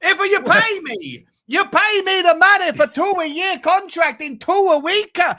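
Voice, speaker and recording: A man's voice: very high-pitched, expressive, pushed and bright, pitched above the performer's own voice, full character voice. A man doing a swaggering football manager. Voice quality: swaggering, drawn-out declarations.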